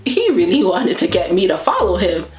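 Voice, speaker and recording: A woman's voice: mid-range voice, moderate pace, echoey room, faint music behind. A woman vlogger casually telling a story, acting out her own reactions as she goes. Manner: animated retelling that acts out her own reactions.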